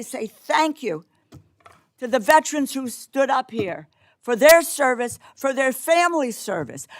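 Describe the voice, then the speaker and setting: A woman's voice: sits high, a bit bright, no room sound, studio quality. A woman committee member giving an impassioned, indignant floor speech full of rhetorical questions. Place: committee hearing room.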